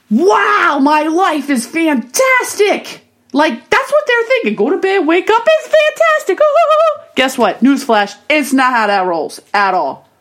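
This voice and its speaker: A woman in her thirties vlogging casually to camera, telling a chatty story and giving upbeat, motivational pep talk. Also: fairly high pitch. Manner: animated, chatty storytelling with acted-out self quotes.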